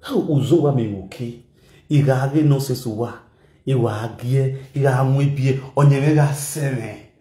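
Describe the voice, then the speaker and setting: A man's voice: medium pitch, normal speed, dark tone, reverberant. A man with a Nigerian accent giving casual, mocking commentary in a rant. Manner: mocking, mixes pidgin and local languages. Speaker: online commentator.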